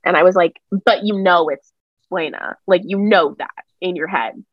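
A woman's voice: lowish voice, normal speed, no echo. Young woman co-host, emphatic chatty delivery, dry and slightly muffled recording. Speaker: podcast co-host. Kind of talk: casual chat.

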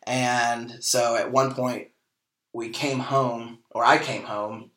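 A man in his forties, from Kansas, tells a personal story on a podcast in a bright, forceful voice of middle pitch. He is animated, acts out what others said, and fills his pauses with ums and likes. The room gives his voice a lively echo. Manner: animated storyteller, acts out quoted dialogue, frequent fillers. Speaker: podcast host. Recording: echoey room.

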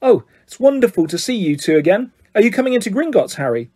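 A man voicing an eager, quick-talking schoolgirl witch. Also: sits high, big pitch swings, a little mellow, husky, no room sound, clean studio sound, voice pushed up, heavily acted.

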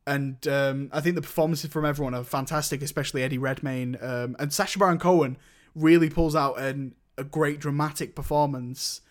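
Young guy rambling about movies, kinda high voice, lots of likes. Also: steady tone, a little fast, few pauses. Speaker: podcast co-host reviewing films. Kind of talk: casual chat.

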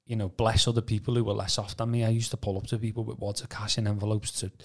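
This podcast co-host talks fast in a fairly low, flat voice. He shares his own story casually and rambles, restarting often and dropping "you know" again and again.

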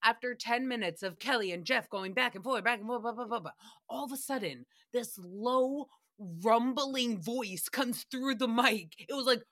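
Bright, chatty young woman podcaster. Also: fairly high pitch, normal speed. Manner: chatty, profane, sarcastic, with frequent laughs. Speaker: podcast host recapping a radio show. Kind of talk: casual solo podcast recap.

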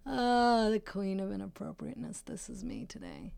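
A woman's voice: medium pitch, gravelly, a little mellow, clear, resonant tone, no echo. A woman from Massachusetts, around her thirties, hosting a casual solo podcast and rambling with jokes and profanity. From Brockton, Massachusetts, USA. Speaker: podcast host; nurse.

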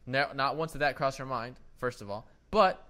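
A man's voice: mid-range voice, normal speed. A young man co-hosting a casual podcast, telling a heated story with acted-out quotes and frequent swearing. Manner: animated storytelling, acts out quotes, swears a lot. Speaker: podcast co-host. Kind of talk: casual chat.

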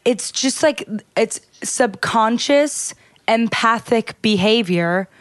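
A woman's voice: a little high, expressive, slow pace, dry recording. Woman co-hosting a chat on a video call, lots of likes and ums, dry close sound. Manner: chatty, explaining with filler words. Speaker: co-host.

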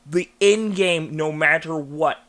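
A man co-hosting a casual fan podcast, excitable and quick to laugh, often restarting his sentences. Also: a little high. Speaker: podcast co-host. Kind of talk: casual chat.

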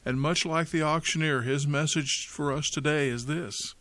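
A man telling a story in a sermon, calm and reflective. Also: on the high side, moderate pace, few pauses, no room sound. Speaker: pastor.

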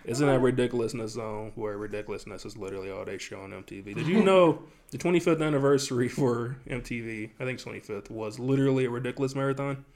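A man's voice: mid-range voice, fast talker, darkish tone. Laid-back opinionated young man. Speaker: podcast co-host. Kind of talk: casual chat.

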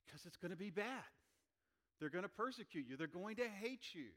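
Animated man preaching a sermon. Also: a little fast. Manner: animated, acts out quoted voices with rising pitch and volume. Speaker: pastor.

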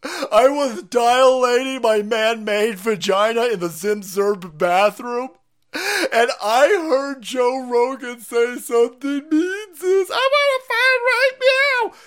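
A man putting on a shrill, melodramatic caricature voice, wailing in an exaggerated falsetto. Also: slow pace, a bit bright, clean tone, exaggerated voice. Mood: hysterical. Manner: wailing, drawn out, over the top. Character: shrieking melodramatic mocking caricature.

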